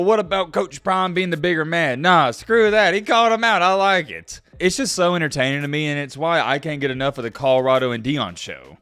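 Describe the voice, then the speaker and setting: Animated man with a lively voice. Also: on the high side, no room sound. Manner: animated, excitable, talks straight to viewers. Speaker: sports commentary creator. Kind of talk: casual sports commentary.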